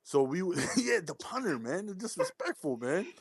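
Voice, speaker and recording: Rambling man with a higher voice. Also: big pitch swings, normal speed, creaky, husky, no room sound, studio quality. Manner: rambling, self-interrupting. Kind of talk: casual chat.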